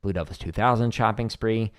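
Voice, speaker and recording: Guy in his 30s teaching drums on a stream, casual and chatty, counts out loud. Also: on the low side, a little fast. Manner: chatty, counts beats aloud while demonstrating. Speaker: drumming teacher, livestream host. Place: home drum studio.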